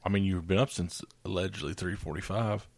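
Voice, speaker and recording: A man's voice: low-pitched, fairly even intonation, fairly quick, no echo. A man co-hosting a casual chat, joking dryly and rambling through stories. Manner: dry joking, rambling storyteller.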